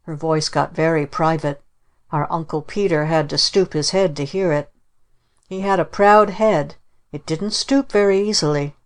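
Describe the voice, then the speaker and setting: A woman narrating a children's storybook in a measured way. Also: low-pitched. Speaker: audiobook narrator. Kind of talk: scripted narration.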